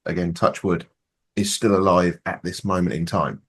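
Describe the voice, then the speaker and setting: A Scottish man with a low, husky voice chats with friends on a hobby podcast. He talks freely, restarts his sentences often and swears without a second thought. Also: normal speed, a bit bright. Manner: chatty, swears casually, frequent restarts. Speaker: podcast co-host. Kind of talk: casual chat.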